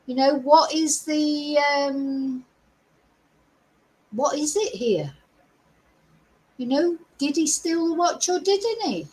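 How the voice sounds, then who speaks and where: Woman, middle-aged, high voice, live-stream host, chatty, rhetorical questions. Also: lively intonation, slow, long pauses, darkish tone, rough recording. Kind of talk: live-stream commentary reading news.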